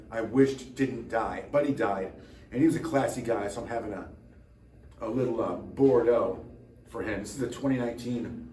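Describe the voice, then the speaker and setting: A man's voice: on the low side, a little mellow, roomy sound, distant mic, a little hiss or hum. A tired man hosting his own channel, chatting casually to camera with rambling, self-mocking dry jokes. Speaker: drummer and channel host.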